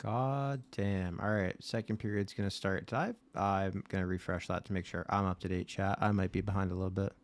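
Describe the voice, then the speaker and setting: A man's voice: low-pitched, steady tone, fairly quick, hardly any pauses. A man hosting a live watch-party stream, talking straight to his chat in a blunt, casual way with some swearing.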